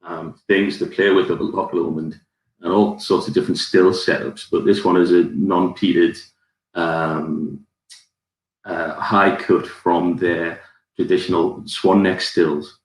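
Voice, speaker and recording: Geordie guy, really low voice, chatty whisky tasting, kinda rambly, echoey room. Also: fairly even intonation, slow pace. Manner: rambling, self-deprecating tasting notes with many fillers. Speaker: whisky society ambassador. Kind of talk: live whisky tasting chat. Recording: roomy echo.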